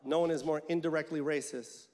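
A man doing stand-up comedy with animated, punchy storytelling on a stage. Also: fairly high pitch, a little fast. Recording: stand-up show, loud audience noise.

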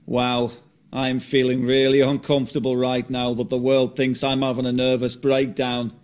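A man voicing a resurrected rock star, dry and wry, in a lower voice than his own. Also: completely flat delivery, normal speed, natural voice.

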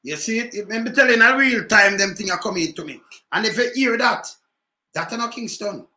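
Jamaican male commentator, animated patois rant, bright voice. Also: sits high, fairly quick, roomy sound, a little hiss or hum. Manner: animated patois ranting, repeated rhetorical questions. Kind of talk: livestream political commentary.

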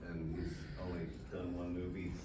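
A man voice actor on a convention panel, speaking in a halting, hesitant way. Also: deep voice, monotone. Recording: echoey hall, distant mic, noise.

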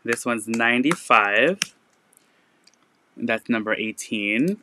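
A man hosting a live resale stream, chatting casually and filling pauses with "like" and "um" while he shows items. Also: medium pitch, expressive, noisy background. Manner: chatty, lots of "like" and "um" fillers. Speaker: online resale seller.

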